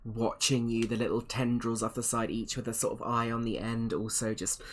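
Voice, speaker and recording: A man narrating as game master of a tabletop game, calm and measured. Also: mid-range voice, a little hiss or hum.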